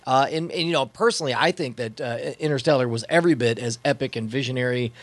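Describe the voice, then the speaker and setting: A man's voice: medium pitch, fast talker, no room sound. A man in a casual podcast discussion, talking thoughtfully with many restarts and fillers.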